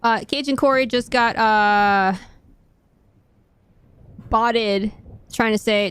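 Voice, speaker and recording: A woman's voice: on the high side, expressive, slow, long pauses, smooth. A woman streamer chatting casually while she plays a game, thinking aloud and mocking herself. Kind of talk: casual gaming stream chat.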